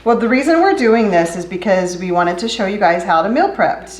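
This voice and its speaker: A woman's voice: medium pitch, expressive, a little fast, echoey room, a little hiss or hum, rough recording. A woman co-hosting a casual home cooking video in her kitchen, chatty and joking. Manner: chatty, jokes with mock accents. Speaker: cooking show co-host.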